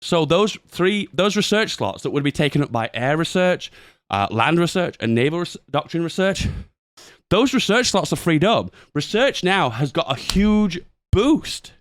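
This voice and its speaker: A young man giving excitable, laughing commentary on a game update. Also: a little high, normal speed, dry recording, studio quality. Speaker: gaming YouTuber.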